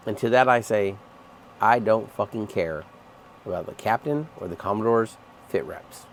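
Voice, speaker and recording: A man's voice: fairly low pitch, normal speed, a little hiss or hum. A man who is a Navy chief, ranting in a heated, profane vlog about his sailors. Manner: angry, profane, emphatic. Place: aboard a ship at sea.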